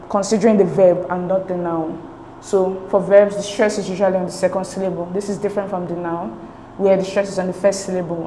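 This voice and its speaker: A woman's voice: on the low side, dark tone, a little hiss or hum. Patient woman tutor in an echoey room. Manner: patient, explains step by step with checking "okay?" and "right?". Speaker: English exam tutor. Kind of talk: recorded exam-prep lesson.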